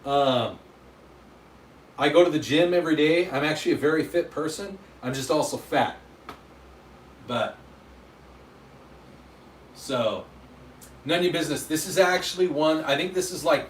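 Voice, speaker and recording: A man's voice: on the high side, normal speed, pauses often, a little hiss or hum. A man hosting a casual livestream, chatting loosely and answering viewer comments with self-deprecating humor. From Utah, USA. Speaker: livestream host. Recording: echoey room, mic at a distance.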